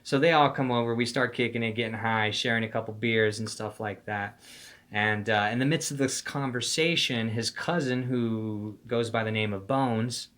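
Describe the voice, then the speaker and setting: A man's voice: mid-range voice, fairly even intonation, normal speed, fairly bright tone. A young man telling a personal story in a casual monologue, with slangy, profane talk full of "like", "dude" and "bro".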